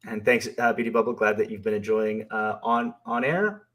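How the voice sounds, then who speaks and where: A man's voice: fairly low pitch, fairly even intonation, moderate pace, fairly bright tone. Easygoing man answering viewer questions. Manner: reads viewer questions aloud and answers them, thoughtful and hesitant. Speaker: co-host and company founder. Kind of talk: live Q&A stream.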